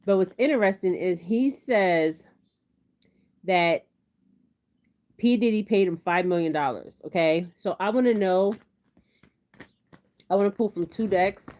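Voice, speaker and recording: A woman's voice: mid-range voice, a little slow, long pauses, darkish tone. A woman doing a casual tarot reading on camera, chatting in a rambling way and often checking in with "okay?". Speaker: tarot reader. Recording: slightly dull lo-fi audio.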